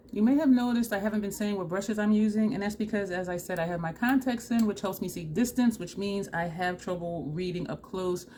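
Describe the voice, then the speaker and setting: A woman vlogger chatting excitedly and laughing often as she talks viewers through a makeup tutorial. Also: fairly low pitch, a little hiss or hum. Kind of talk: casual makeup tutorial chat.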